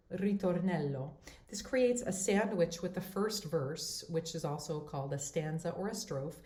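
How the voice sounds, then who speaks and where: A woman giving a voice lesson as a teacher, explaining step by step in a clear, methodical way. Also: mid-range voice, darkish tone. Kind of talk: instructional voice lesson. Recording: roomy echo.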